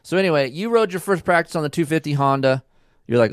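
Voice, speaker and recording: A middle-aged man hosting a podcast, telling a rambling racing story in a casual, animated way and acting out the dialogue. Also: a little high, fast talker, dry recording, clean studio sound. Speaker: podcast host and racing dad.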